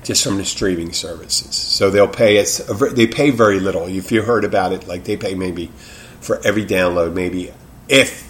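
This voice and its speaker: Rambling low-voiced man hosting a podcast. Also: moderate pace, a little hiss or hum. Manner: rambling, self-interrupting, frank and profane. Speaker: podcast host. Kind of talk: casual solo podcast monologue.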